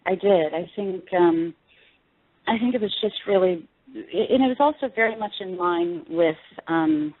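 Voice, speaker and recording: A giggly woman in her forties chats as a guest, often pausing to hunt for the right words. Her voice is husky and mid-pitched, and it comes through a tinny phone line. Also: animated, no room sound. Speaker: interview guest, actress. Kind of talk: casual chat.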